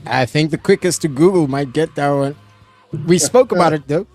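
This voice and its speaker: An animated man hosts a casual live-stream game show, hesitating, restarting and laughing often. His voice sits a little high. Faint music plays behind him. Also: moderate pace. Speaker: host.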